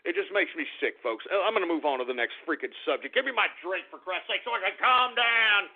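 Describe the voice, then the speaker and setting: A male talk radio host rants angrily, swearing often. His voice is very high with a gravelly rasp. The audio is tinny, like a phone line. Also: fast talker. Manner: angry, profane, ranting.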